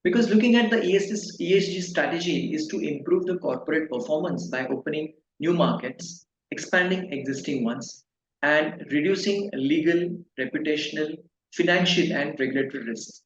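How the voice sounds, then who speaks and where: A man in his fifties, a pharma consultancy director answering interview questions in a halting way, with many fillers and restarts. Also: fairly high pitch. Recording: echoey, dull, faint noise.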